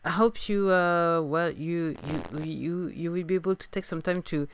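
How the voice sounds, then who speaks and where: On her casual solo podcast, a woman from France with a French accent talks at normal speed in a voice on the low side, with slight background noise. She's coughing and getting over a sore throat, so her speech is hesitant, filler-heavy and full of restarts. She hosts podcasts and writes and sings songs.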